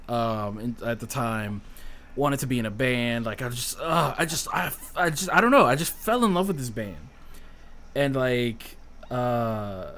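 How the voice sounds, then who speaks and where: Male guest, thirties, lively bright voice, chatty storyteller who swears a lot. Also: mid-range voice. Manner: animated storyteller, swears freely, self-deprecating. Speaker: podcast guest. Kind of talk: casual chat.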